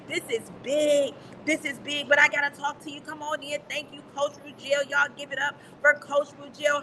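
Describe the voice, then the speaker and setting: Woman coach, high and bright, excited, on a call from a busy lobby with faint noise. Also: low-quality recording. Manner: fired-up, emotional, calls out to the audience. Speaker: guest speaker coach. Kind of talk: excited motivational call talk. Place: hotel lobby at a busy event. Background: crowd and announcements at an event.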